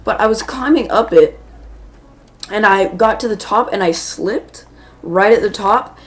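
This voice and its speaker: In a mid-range voice and a little slowly, a woman tells a casual, wandering story while she plays a shooter for her gaming video, cutting away now and then to react to what's happening on screen.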